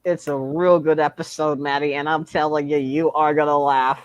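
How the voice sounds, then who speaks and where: A man's voice: on the high side, level tone, moderate pace, smooth, dry recording, lo-fi sound. A man hosting a livestream in casual chat, eager and repeating himself often. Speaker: livestream host.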